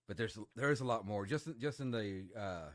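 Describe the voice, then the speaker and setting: A man's voice: fairly low pitch, moderate pace, dry recording, studio quality. A man co-hosting a podcast about tabletop game rules, agreeable, backing up his partner with short replies. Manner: agreeable, backs up the other host with short replies and laughs. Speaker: podcast co-host.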